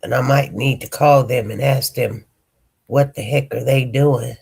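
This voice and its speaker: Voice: medium pitch, fairly even intonation, a little slow, creaky, a little mellow, husky. A livestream host chatting casually with viewers and greeting them by name, congested from a cold and rambling between topics. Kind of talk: casual chat.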